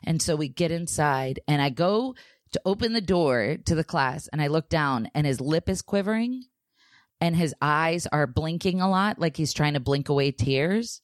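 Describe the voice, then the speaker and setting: A woman's voice: sits low, expressive, normal speed, dry recording, studio quality. A woman co-hosting a podcast, candidly telling an emotional story about her young son in casual chat. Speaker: podcast co-host.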